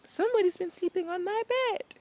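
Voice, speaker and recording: Man in falsetto as a fussy mother bear. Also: brisk, a little mellow. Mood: indignant. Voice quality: high falsetto.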